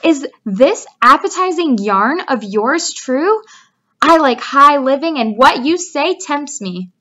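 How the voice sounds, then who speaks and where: A woman voicing a greedy, grumpy male rat who grumbles and shouts, in a dull lo-fi recording. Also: high-pitched, animated, takes it slowly, pitched above the performer's own voice, exaggerated voice.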